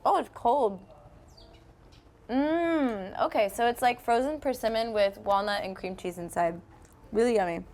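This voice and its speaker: A woman's voice: fairly high pitch, unhurried, darkish tone. A young woman hosts a casual live stream, chatting in a friendly, easygoing way. She reads viewer comments aloud and answers them as she goes. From North Carolina, USA. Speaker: host.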